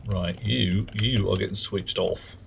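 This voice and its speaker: Male game streamer, lowish voice, casual live chat that mutters at the game, faint noise behind. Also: fairly even intonation, unhurried, creaky. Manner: mutters at game objects and chats to viewers.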